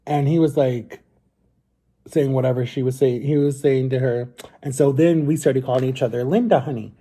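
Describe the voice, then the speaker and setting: A man's voice: medium pitch, fairly even intonation, normal speed, warm tone. A man vlogger telling a long personal story to his viewers in a rambling, chatty way. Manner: rambling, chatty, often addresses viewers as guys.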